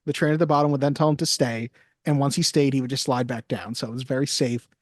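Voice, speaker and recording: A podcast co-host recapping a film in a casual, animated chat, swearing often. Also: medium pitch, fast, no echo, studio quality.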